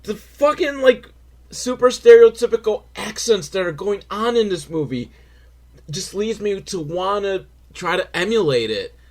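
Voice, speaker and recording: A man's voice: high-pitched, lively intonation, measured pace, darkish tone. Sarcastic, rambling man in his forties. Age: 40s. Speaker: film reviewer. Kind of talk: comedic film commentary.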